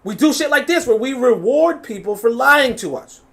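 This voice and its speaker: A man's voice: extremely high pitch, normal speed, vocal fry. A man hosting a live reaction stream, reading chat comments aloud and mocking what he hears, swearing and laughing as he goes. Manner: animated, mocking, swears freely, laughs often.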